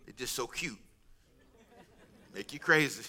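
Bright, animated male preacher. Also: medium pitch, measured pace, husky. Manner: animated, humorous preaching with asides and laughter. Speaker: pastor. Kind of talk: sermon.

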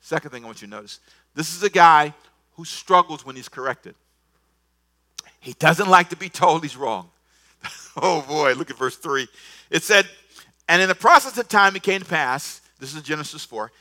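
Male pastor, high bright tenor, animated sermon delivery with repeated words. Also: normal speed. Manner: animated, swings from soft asides to loud emphatic bursts; repeats words, acts out scripture dialogue.

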